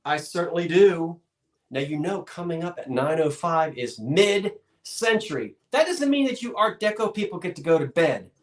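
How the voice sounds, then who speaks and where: A folksy man hosts a live-streamed sale, chatting casually and rambling off on little asides. His voice sits somewhat high for a man. The sound rings with noticeable room echo. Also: very animated, normal speed. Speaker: live online auction seller.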